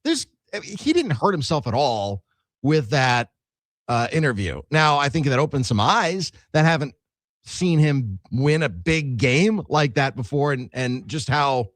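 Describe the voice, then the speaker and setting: Animated sports radio co-host, dry studio. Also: male voice, mid-range voice, dry recording. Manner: animated, joking, halting restarts. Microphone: studio mic.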